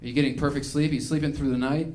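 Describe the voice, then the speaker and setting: A man voicing a calm, soft-spoken hippie male acupuncturist in a stand-up bit. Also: mid-range voice, rapid-fire, lightly acted. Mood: soothing.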